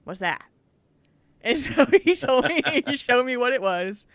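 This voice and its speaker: Animated woman telling a gaming story. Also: sits high, unhurried, no room sound, clean studio sound. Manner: animated storytelling, laughs often, acts out quotes. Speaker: podcast co-host. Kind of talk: casual gaming chat.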